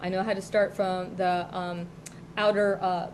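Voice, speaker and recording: A woman's voice: lowish voice, little pitch movement, measured pace, a little mellow, slight background noise, low-quality recording. A middle-aged woman co-hosting a local TV talk show, telling rambling childhood stories in casual chat and often laughing. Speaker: co-host. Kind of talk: casual chat, personal storytelling. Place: local TV studio.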